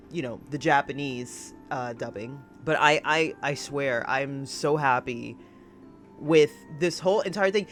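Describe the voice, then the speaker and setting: Brief: emotional female reaction host, gushing and giggly, very lively pitch. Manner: gushing and giggly, laughs often. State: emotional, close to tears. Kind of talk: excited reaction commentary.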